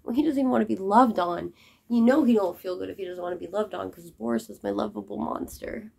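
Chatty woman vlogger with a gravelly edge. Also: mid-range voice, fast talker, mellow. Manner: chatty, apologetic, says y'all. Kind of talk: casual chat to camera.

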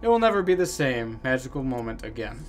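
A man reading a lonely, melancholy game character's letters aloud in a low, subdued voice. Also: big pitch swings, fast talker, slight background noise, natural voice. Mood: gloomy.

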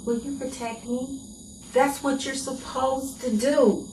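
A desperate, broken young woman, played by an actress, begs in a slow, raw voice pitched a touch high. Her dramatic poetry performance rings in an echoey room with faint crickets outside. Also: fairly even intonation, background noise. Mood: hushed. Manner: pleading, emotionally raw delivery.

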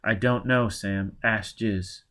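A man's voice: fairly low pitch, steady tone, slow pace, pushed and bright. A man reading an audiobook, voicing a tormented, stubborn young spacer who mumbles. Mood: sullen.

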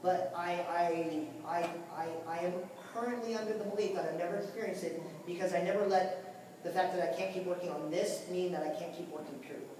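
A man's voice: sits high, fairly even intonation, a little fast, noisy background. A male author on a convention panel, talking casually and energetically with frequent stammers and repeated words. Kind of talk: casual panel talk with audience Q&A. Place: large convention hall. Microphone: distant from the recording mic. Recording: echoey convention hall from far off.

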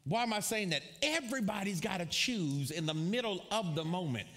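A man preaching a sermon to a live congregation, telling a personal story with frequent laughter and lively asides. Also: high-pitched, a little fast, soft background music. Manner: animated storyteller, laughs often, calls out to congregation. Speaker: pastor. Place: church before a live congregation.

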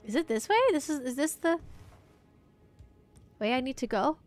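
Streaming a game from home, a woman talks into a foam-covered desk mic in a room with a green screen. Her high voice moves at a moderate pace over faint music as she chats with her audience between game moments and coos baby talk at her pet.

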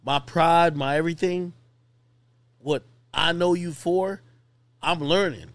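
A man co-hosting a podcast. He talks in excitable, slangy casual chat and keeps cutting in with questions. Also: a little high, slow, dry recording. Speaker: podcast host.

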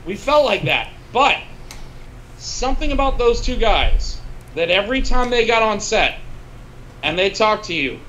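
A man's voice: fairly high pitch, a little hiss or hum, low-quality recording. A man, a film cinematographer, telling casual stories as a guest on a podcast and swearing freely along the way. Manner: animated, swears freely, uses filler words. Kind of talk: casual storytelling in a podcast interview.

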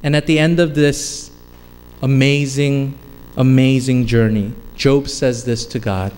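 A pastor preaching a sermon in an emphatic cadence that rises and falls. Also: male voice, mid-range voice, steady tone, a little slow, a little mellow. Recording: long hall reverb, faint noise.

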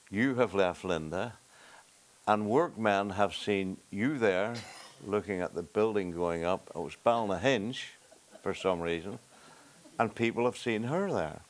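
A man's voice: lowish voice, unhurried. An older man with a Northern Irish accent, a talk show guest telling a casual anecdote and acting out the quotes. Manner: storytelling with acted-out quotes. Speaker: talk show guest, former sports broadcaster.

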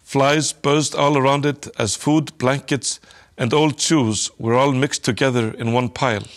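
A man narrates a children's story aloud, calm and measured, in a medium-pitched voice.

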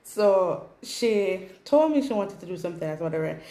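A woman's voice: mid-range voice, expressive, normal speed, warm tone. A woman with a Jamaican accent chatting casually for a storytime vlog. She rambles along with asides and fillers. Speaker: vlogger. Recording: roomy echo.

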